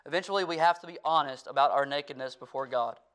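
Here the pastor moves quickly, his voice smooth, resonant and pitched a bit high as he preaches in church. Earnest throughout, he pushes forcefully and loudly on key points before sinking into a soft, close plea to the congregation.

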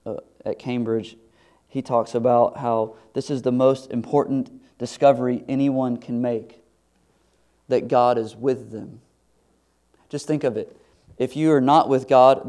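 A middle-aged man preaching a sermon, lively and animated, climbing loud and high in excited bursts and dropping soft in quiet moments, with frequent restarts. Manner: stumbles and restarts often, chuckles. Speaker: pastor.

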